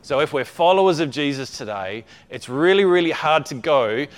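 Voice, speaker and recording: A man's voice: a little high, animated, normal speed. A man preaching a conversational sermon, often checking in with his listeners and repeating words as he builds a point.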